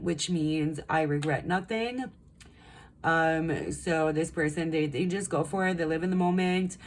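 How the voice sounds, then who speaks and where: A woman's voice: deep voice, normal speed, a little hiss or hum. A young woman giving a casual pick-a-card tarot reading, rambling and chatty with lots of ums and likes. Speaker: tarot reader.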